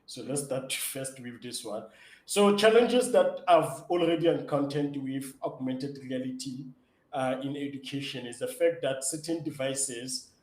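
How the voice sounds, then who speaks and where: A man's voice: medium pitch, a little slow, echoey room, poor audio. A man, a startup founder, answering interview questions eagerly with lots of fillers and restarts. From South Africa. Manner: eager, excitable storyteller with many fillers and restarts.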